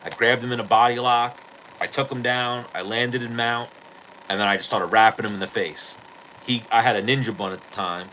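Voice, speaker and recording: A man hosting a podcast, telling a rough story in a low, forceful, bright voice. He is profane and animated, with a faint hiss of noise behind him. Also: low-quality recording. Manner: profane, animated retelling of a street fight. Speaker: podcast host. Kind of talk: casual storytelling.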